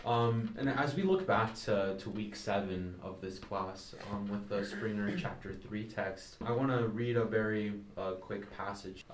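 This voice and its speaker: A young man in a class discussion, talking in a relaxed way and reading a short passage aloud. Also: on the low side, measured pace, hardly any pauses. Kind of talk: casual discussion. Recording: roomy echo, faint noise.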